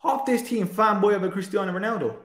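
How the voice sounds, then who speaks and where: A man's voice: high-pitched, quick pace, fairly bright tone, reverberant. A man, arguing insistently and with exasperation in a heated football debate. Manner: exasperated, insistent, talks over the other man. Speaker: debate guest.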